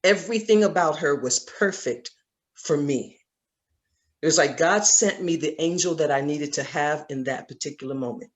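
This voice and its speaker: A woman with a Southern accent leading a Bible study over a video call, telling a personal story in an earnest, storytelling manner. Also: sits low. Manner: earnest, storytelling, laughs often. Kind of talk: conversational Bible teaching.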